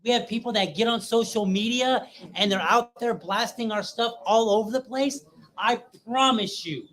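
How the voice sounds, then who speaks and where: A man with a fairly high voice delivers closing words at a rally, emphatic and insistent as he thanks the volunteers. He speaks as a local party leader addressing his supporters. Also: normal speed, fairly bright tone, poor audio.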